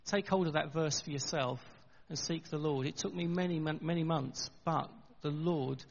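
A middle-aged man, preaching a sermon in an earnest, conversational way with halting restarts, recorded in a church. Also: on the high side, creaky, slight background noise. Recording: dull, long reverb in a church hall.

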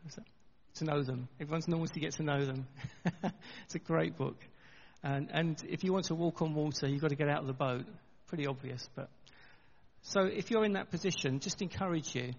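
Gravelly man preaching in a church. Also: fairly high pitch. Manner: earnest, conversational with halting restarts. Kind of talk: sermon. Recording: dull, long reverb in a church hall.

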